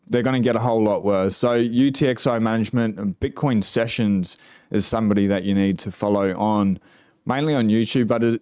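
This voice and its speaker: A man's voice: fairly low pitch, darkish tone, clean tone, dry recording, clean studio sound. A man with an Australian accent hosting a casual livestream, chatting with viewers and reading their comments in a laid-back, slangy way. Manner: laid-back, drawling, slangy, with many fillers. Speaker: livestream host.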